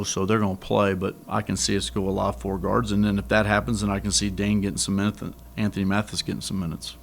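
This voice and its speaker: A man's voice: fairly low pitch, vocal fry. A middle-aged man, a head basketball coach, answering reporters at a press conference in a candid, rambling way with many restarts.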